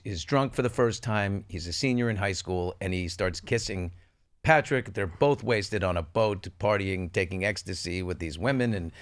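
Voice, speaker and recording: A man co-hosting a talk show, chatting casually in a playful, gossipy way. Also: on the low side.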